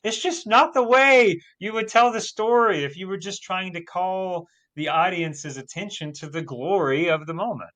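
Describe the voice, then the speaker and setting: Bright-voiced man teaching animatedly. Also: high-pitched, moderate pace, hardly any pauses. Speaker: Bible teacher co-host. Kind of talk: casual teaching discussion.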